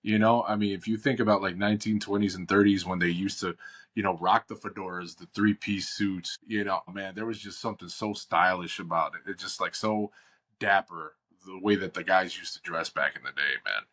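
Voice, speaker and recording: A man from Chicago hosts a casual podcast chat, rambling easily with slangy asides. His voice sits on the low side. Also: steady tone, brisk, fairly bright tone. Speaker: podcast host.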